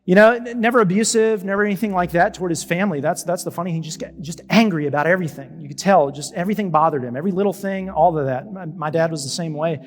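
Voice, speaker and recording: A younger man, a pastor, preaching a conversational sermon with animated stops and restarts. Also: high voice, fast talker, few pauses. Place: church auditorium. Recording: church hall with long reverb.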